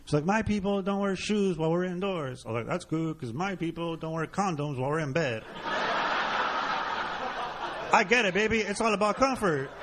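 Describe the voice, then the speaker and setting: A man's voice: high-pitched, normal speed, background noise. A Mexican-American man doing a brash, profane stand-up comedy set on a club stage before a live audience. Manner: profane, brash punchline delivery.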